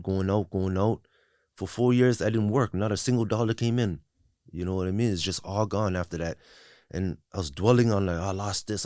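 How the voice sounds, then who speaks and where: A man's voice: fairly low pitch, a little mellow, dry recording, clean studio sound. A man as a podcast guest, talking candidly and reflectively about his past, with frequent restarts and "you know what I mean.". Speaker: guest sharing recovery story. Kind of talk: candid conversational interview.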